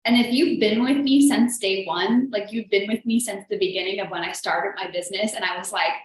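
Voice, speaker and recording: A woman's voice: medium pitch, fairly quick. A woman business coach hosting a live show, talking in a chatty, earnest, motivational way with lots of "like". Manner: chatty and earnest, heavy use of "like". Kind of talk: motivational live-stream talk. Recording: very echoey room.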